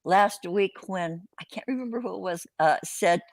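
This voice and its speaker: A woman's voice: medium pitch, moderate pace, no echo. Salty older woman hosting a chat stream. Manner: salty, rambling, swears freely. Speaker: host. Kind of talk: casual live-stream chat.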